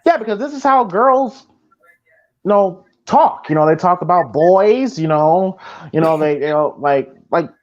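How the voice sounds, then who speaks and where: Male podcast co-host, casual movie commentary, restarts a lot, slightly high voice, muffled lo-fi recording. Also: expressive, measured pace. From Iowa, US. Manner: rambling with many restarts and fillers. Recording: dull lo-fi sound.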